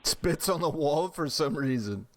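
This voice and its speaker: A man's voice: fairly high pitch, lively intonation, unhurried, a little hiss or hum. A young man streaming, talking loosely in casual reaction commentary with lots of fillers. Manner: loose, rambling, filler-heavy.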